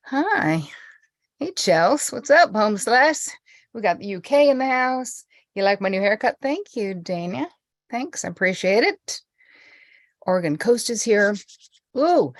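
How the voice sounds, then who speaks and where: A woman's voice: medium pitch, no room sound, studio quality. A middle-aged woman hosting a live stream, chatty and bubbly as she greets viewers by name before a meditation. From United States. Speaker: host and therapist. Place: indoors at home.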